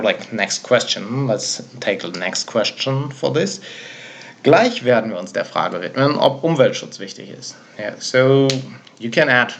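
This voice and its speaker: Man casually explaining German grammar. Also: mid-range voice. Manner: relaxed, switches between English explanation and German example sentences; informal, self-correcting, talks to the learner directly. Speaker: German language teacher. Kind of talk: casual spoken grammar lesson.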